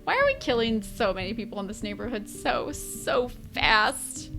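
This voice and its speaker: Young woman streamer, high bright voice, chatty and giggly, faint music under her. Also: big pitch swings, moderate pace, gravelly. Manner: chatty, giggly, talks to chat. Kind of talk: live gameplay commentary.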